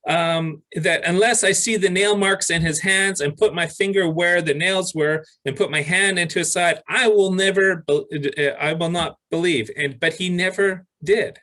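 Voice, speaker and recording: A male pastor preaching a sermon, reading scripture aloud with pauses and restarts. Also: high voice, bright, forceful tone, poor audio.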